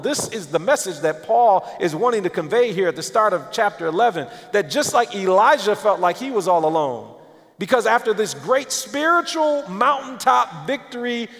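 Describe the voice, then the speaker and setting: A pastor with a high voice preaches dramatically in a church auditorium, lurching between loud emphasis and hushed near-whispers. The recording has a long hall reverb.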